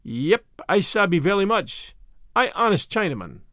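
A man's voice: high-pitched, very animated, normal speed, bright, forceful tone, dry recording, clean studio sound, exaggerated voice. A man voicing a sly, scheming male prisoner on a boat who talks in broken pidgin. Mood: wheedling. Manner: broken pidgin English, wheedling.

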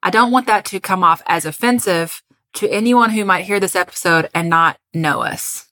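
A woman's voice: fairly low pitch, normal speed, sharp tone. A woman co-hosting a podcast, chatting casually and telling a history story, laughing often and joking about her pronunciation. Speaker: podcast co-host.

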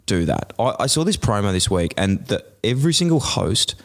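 A man's voice: fairly low pitch, big pitch swings, a little fast. A young man co-hosting a casual podcast, ranting in mock outrage and laughing often. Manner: laid-back, laughing, mock-outraged rants. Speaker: podcast co-host. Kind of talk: casual chat.

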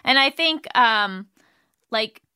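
A young woman co-hosting a podcast talks through advice casually, trailing off and restarting as she thinks aloud. Her voice is bright and clear. It sounds close-miked and dry, with no room around it. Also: fairly high pitch, expressive, slow pace, dry recording. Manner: chatty, thinks aloud with many "like"s and restarts, laughs easily. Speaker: podcast co-host.

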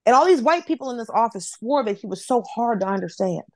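A woman from Atlanta, a comedian guest, telling a story in casual chat, animated and profane, acting out other people's voices. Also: fairly high pitch, fast, no echo. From Atlanta, United States.

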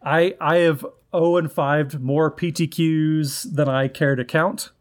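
A man co-hosting a podcast, giving relaxed, friendly advice. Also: on the high side, takes it slowly. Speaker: podcast co-host. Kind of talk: casual chat.

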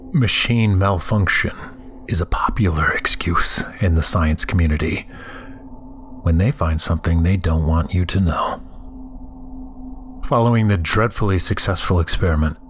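A man with a very low voice tells a first-person horror story in scripted narration. His delivery is measured and somber, and he often sinks into hushed, whispered passages. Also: a little hiss or hum.

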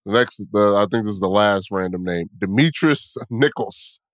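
A man's voice: fairly low pitch, moderate pace, dry recording, clean studio sound. A man co-hosting a sports podcast in casual chat, laughing often and reading out names. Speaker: podcast co-host.

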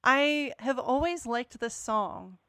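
A woman's voice: high voice, animated, takes it slowly, fairly bright tone, no echo, clean studio sound. A woman co-hosting a podcast, talking casually and thoughtfully about a song and how it is sung. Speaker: podcast co-host. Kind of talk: casual chat about music.

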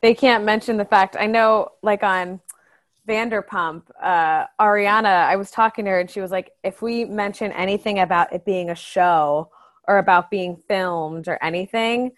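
A woman's voice: mid-range voice, normal speed. A woman co-hosting a casual podcast chat, chatty, quoting people and laughing easily. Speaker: podcast co-host.

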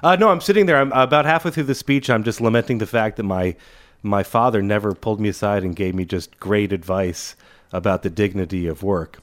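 A younger man co-hosts a talk radio show in a lowish voice. He answers in a measured, analytical way and drops in dry asides. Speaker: radio co-host. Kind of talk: casual talk radio banter.

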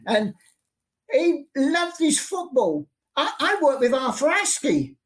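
An elderly man spins stories for an interviewer, his voice animated and full of repeated words for emphasis. He is recorded at his home studio, slipping into the voices of people he remembers. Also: very high-pitched, takes it slowly. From London. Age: 80s. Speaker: interview guest, sports artist. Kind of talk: anecdotal storytelling in an interview.

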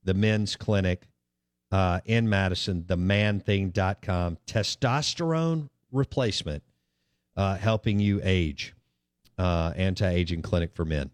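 A man's voice: low-pitched, unhurried, dry recording. A man hosting a radio sports talk show, chatting casually and rambling with plenty of ums and uhs.

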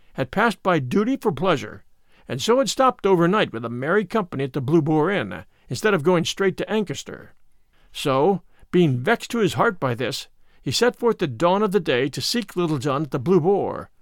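A man narrating an old-fashioned storybook in an expressive, unhurried way. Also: fairly high pitch, no room sound, clean studio sound.

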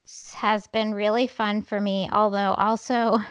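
A woman's voice: medium pitch, little pitch movement, a little slow, clear, resonant tone, no echo. A woman co-hosting a podcast, telling a story in casual chat with frequent laughs. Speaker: podcast co-host.

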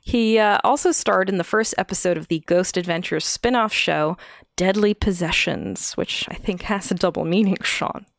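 Laughing often, a podcast co-host shares eerie stories in a casual, giggly chat. Her voice sits at medium pitch and normal speed, recorded dry at studio quality.

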